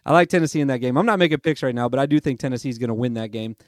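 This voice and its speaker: A man's voice: mid-range voice, racing, dry recording, studio quality. A young man hosting a casual sports podcast, rambling and chatty, amusing himself as he goes. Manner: chatty, rambling, self-amused. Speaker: podcast host. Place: lives in Nashville.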